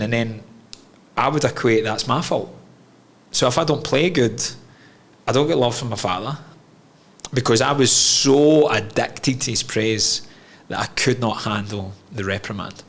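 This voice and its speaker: A man's voice: medium pitch, unhurried, a bit bright. A Scottish man in a candid podcast conversation, telling a personal story in an earnest, reflective way and swearing freely. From Scotland. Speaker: podcast guest.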